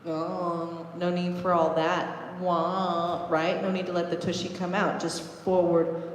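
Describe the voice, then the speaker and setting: A woman's voice: on the low side, flat delivery, takes it slowly, slight background noise. A woman teaching a belly dance class online, counting beats and cueing moves as she demonstrates. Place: large echoey dance studio. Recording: echoey studio with long reverb.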